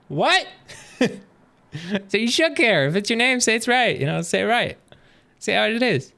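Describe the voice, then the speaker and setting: A man streaming live, chatting casually with his viewers as he reacts to videos, animated and swearing freely. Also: high voice, moderate pace.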